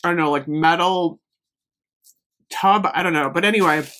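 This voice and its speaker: A woman vlogger chatting casually through a shopping haul, gushing and rambling, easily excited. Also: on the low side, normal speed. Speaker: beauty and lifestyle vlogger. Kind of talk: casual haul vlog chat.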